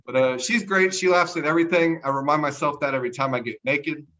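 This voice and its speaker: A young man from Texas doing a stand-up set over a livestream, delivering deadpan one-liners and chuckling at his own jokes. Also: a little high, fast talker, lo-fi sound. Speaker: stand-up comedian. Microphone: livestream mic.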